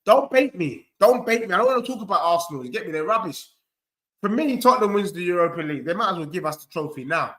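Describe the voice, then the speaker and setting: Bantering live as he reads chat, this football watchalong host is a young man who speaks high-pitched and fast, with lively intonation. His tone is fairly bright, and he's cocky, trading trash talk and addressing viewers directly.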